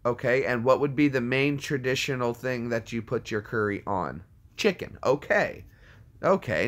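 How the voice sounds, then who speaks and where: A man's voice: mid-range voice, moderate pace. A man casually chatting as a streamer, answering viewer comments in a jokey way and riffing on movie quotes. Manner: jokey, riffs on movie quotes and puts on silly voices. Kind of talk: casual chat.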